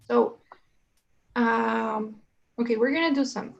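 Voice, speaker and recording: Chatty woman teacher, gravelly voice. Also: fairly high pitch, takes it slowly, muffled recording. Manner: chatty, explains with many "right?" and "you know?". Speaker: English teacher. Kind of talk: one-on-one English lesson.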